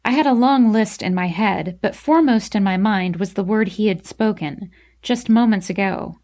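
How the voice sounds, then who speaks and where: A young woman narrating a novel in the first person, in a mid-range voice. Her reading is expressive and emotional, carrying the feelings of the story. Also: mid-range voice, moderate pace. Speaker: audiobook narrator.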